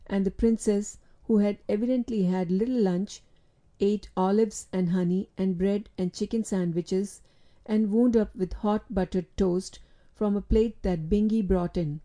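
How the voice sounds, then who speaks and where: Woman, audiobook narration, steady, very dark mellow timbre. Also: medium pitch. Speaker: audiobook reader. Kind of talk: scripted storybook narration.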